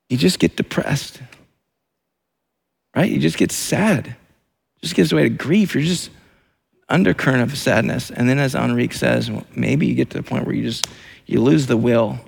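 Male pastor, gravelly voice, preaches a sermon in emphatic, repeating phrases. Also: medium pitch, normal speed, pauses often. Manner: repetitive, emphatic preaching with many restarts.

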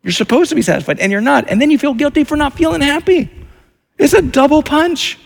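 A man's voice: extremely high pitch, sing-song, rapid-fire, gravelly. A man preaching a sermon as pastor, in a repetitive, emphatic way with many restarts.

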